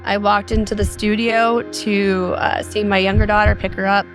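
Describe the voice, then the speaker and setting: This podcast guest, an Arizona mother of four, gives an earnest, detailed account of a frightening phone call. Her mid-range voice is flat and moderately paced, and soft music plays in the background.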